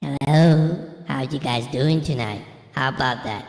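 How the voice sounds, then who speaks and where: A man's voice: mid-range voice, a little slow, gravelly, darkish tone, voice pushed up. A man using an electronic voice changer to sound like a small child, whining and pleading for mommy. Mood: playful. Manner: whiny, pleading. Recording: echoey, long reverb.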